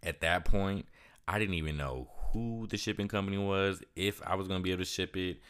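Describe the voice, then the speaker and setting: A young man casually retelling a story for his vlog, with lots of "like" fillers and lively quoted asides. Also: sits low, brisk, clear, resonant tone. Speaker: vlogger.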